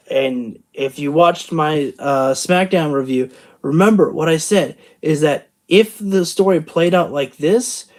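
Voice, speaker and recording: A man's voice: a little high, darkish tone. A tired man hosting a casual show review, rambling and thinking aloud with many fillers. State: tired from the late hour. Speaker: wrestling channel host.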